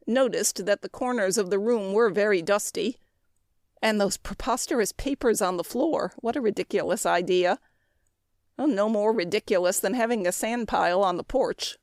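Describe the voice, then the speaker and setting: A woman's voice: medium pitch, no room sound, studio quality. Woman narrating a classic story. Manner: measured, expressive reading. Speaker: audiobook narrator.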